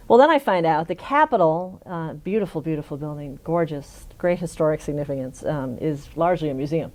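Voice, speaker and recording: A woman's voice: lowish voice, lively intonation, a little fast, few pauses, a little mellow. A middle-aged woman in an oral history interview, telling a funny story with frequent laughs. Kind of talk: conversational storytelling.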